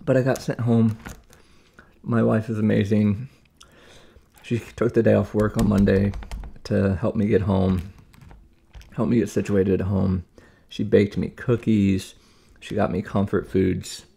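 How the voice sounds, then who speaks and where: Low gravelly-voiced man telling a story. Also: little pitch movement, measured pace, pauses often, dark tone, slight background noise. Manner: chatty, exasperated retelling with acted-out quotes. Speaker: vlogger recovering from surgery. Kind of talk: casual storytelling while cooking.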